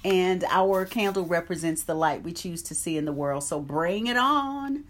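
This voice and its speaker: A woman with a lowish voice speaks at normal speed while hosting an online meditation group. In a casual live-stream chat, she greets viewers by name and reads from an oracle card.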